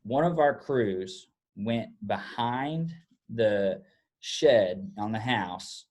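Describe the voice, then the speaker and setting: A middle-aged man, a roofing business owner, telling a long story in a casual, animated way with many restarts. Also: medium pitch, unhurried. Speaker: podcast guest, roofing company owner.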